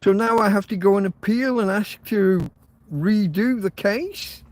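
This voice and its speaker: A man's voice: high-pitched, measured pace, darkish tone. An English man hosting his own podcast, ranting angrily and swearing, close to tears. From England. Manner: agitated, swearing, near tears. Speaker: podcast host. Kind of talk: angry ranting monologue.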